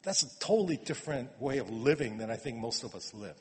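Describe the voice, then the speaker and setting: A man preaching a sermon in a conversational way, repeating words and swinging from quiet asides to emphatic urging. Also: medium pitch, animated, fairly quick. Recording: long reverb of a hall.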